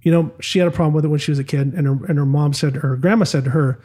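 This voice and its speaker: A man's voice: a little high, steady tone, fast, few pauses, darkish tone. A middle-aged man, a former motocross champion, telling stories casually in an interview, with frequent restarts and acted quotes. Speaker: podcast guest, former motocross and off-road truck champion.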